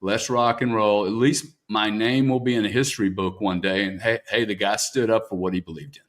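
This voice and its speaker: A man's voice: fairly low pitch, fairly even intonation, a little fast. A man interviewing a guest, talking bluntly and profanely and tagging "man" onto his sentences. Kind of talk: candid interview talk.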